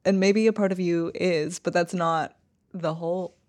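Low-voiced woman, dry close sound. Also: steady tone, moderate pace, a little mellow, no echo. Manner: filler-heavy, lots of "like". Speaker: podcast co-host. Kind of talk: casual chat.

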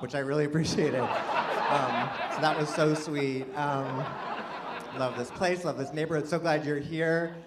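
A man's voice: a little high, moderate pace, very noisy. Chatty gay man doing stand-up. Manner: chatty, self-deprecating, with frequent restarts and bursts of animated exclamation. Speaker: stand-up comedian. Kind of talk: stand-up comedy set. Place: live comedy venue with an audience. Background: audience laughter.

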